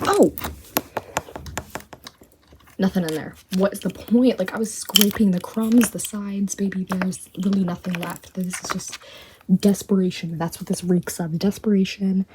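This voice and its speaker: A young woman vlogging at home in her bedroom, talking in a hushed whisper so no one hears her, chatty and rambling. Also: mid-range voice, fairly even intonation, measured pace, noisy background. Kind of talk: whispered haul vlog.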